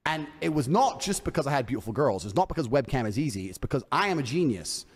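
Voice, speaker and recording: Swaggering, fast-talking boastful man. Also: medium pitch, big pitch swings, breathy edge, long reverb tail. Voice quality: profane, swaggering. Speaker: podcast guest telling a story. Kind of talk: boastful storytelling, acting out quoted dialogue.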